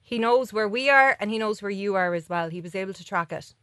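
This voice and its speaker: A woman co-hosting radio, excitable and dramatic. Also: mid-range voice, brisk, smooth. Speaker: radio co-host. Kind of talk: casual radio banter.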